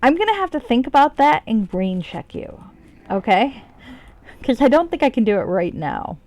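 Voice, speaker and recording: A woman's voice: a little high, sing-song, normal speed, a little mellow, no echo. A woman streaming a game, chatting casually and rambling, swearing freely and joking about herself. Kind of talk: casual live-stream commentary.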